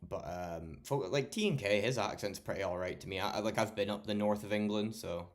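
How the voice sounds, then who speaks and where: A man's voice: fairly low pitch, brisk. A young man from Scotland with a mild Scottish accent, chatting on a late-night stream in a rambling, sweary, laid-back way. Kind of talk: casual chat.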